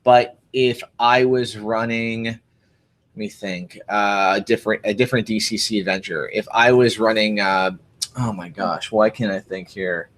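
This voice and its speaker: A man's voice: lowish voice, steady tone, normal speed, fairly bright tone. A man co-hosting a tabletop gaming podcast, rambling and teasing in casual chat. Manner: rambling, teasing, with frequent restarts. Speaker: podcast co-host and convention game master.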